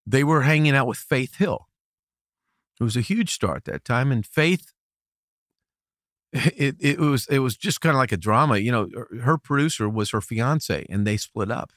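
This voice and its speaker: A man's voice: medium pitch, moderate pace, no echo, clean studio sound. A middle-aged man from the United States, a record producer telling stories in a casual interview, laughing easily and restarting his sentences. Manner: animated, laughing storyteller with many restarts.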